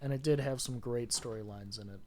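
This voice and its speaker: A young man co-hosting a podcast, chatting casually, stumbling and correcting himself, quick to laugh. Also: medium pitch, warm tone, a little hiss or hum. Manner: chatty, self-correcting, hesitant, laughs easily. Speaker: podcast co-host. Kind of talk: casual chat.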